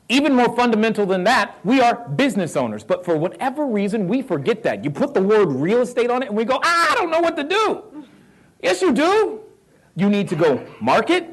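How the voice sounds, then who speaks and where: Middle-aged Southern American man, fairly high-voiced motivational speaker who works the crowd with questions and laughs. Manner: animated, questions the audience, laughs often. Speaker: real estate investor speaking to a live audience. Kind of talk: motivational talk.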